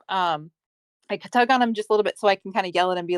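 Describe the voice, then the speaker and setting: A woman's voice: mid-range voice, rapid-fire, clean tone, no echo, clean studio sound. A woman playing a tabletop game, arguing her reasoning casually with fillers. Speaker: player.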